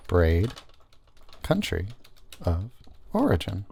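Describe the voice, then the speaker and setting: A man's voice: mid-range voice, animated, moderate pace, a little mellow, slight background noise. A man co-hosting a podcast in casual, playful banter, laughing often. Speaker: podcast co-host. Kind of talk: casual chat.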